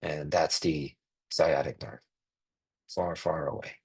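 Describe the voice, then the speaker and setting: A man's voice: extremely low pitch, steady tone, takes it slowly, breathy edge, low-quality recording. A man, a physician, presenting clinical cases in a lecture, talking plainly and thinking aloud with frequent fillers. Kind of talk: medical case presentation.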